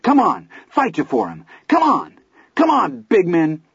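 A man voicing a reckless, excitable boy who yells in a shrill, braying voice. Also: measured pace, creaky, husky, no echo, heavily acted. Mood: wild taunting. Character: wild reckless boy, excitable, taunting older bullies. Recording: dull lo-fi audiobook recording.

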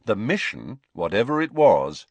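A man reading a novel aloud as narrator in a measured, expressive storytelling manner. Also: on the low side, dry recording. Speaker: audiobook narrator. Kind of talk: scripted narration.

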